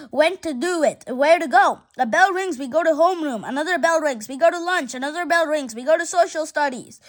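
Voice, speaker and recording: A brash, scheming schoolboy, read in a very high voice by a woman. He rants in a dramatic, ranting way, the way a storybook kid's lines come across in an audiobook. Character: brash scheming sixth-grade boy. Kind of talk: audiobook character reading.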